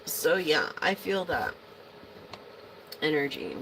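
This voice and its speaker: A woman's voice: low-pitched, lively intonation, slow pace, noisy background. A woman reading tarot to her viewers in a rambling, casual way, swearing freely as she vents. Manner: rambling, profane venting. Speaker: tarot reader.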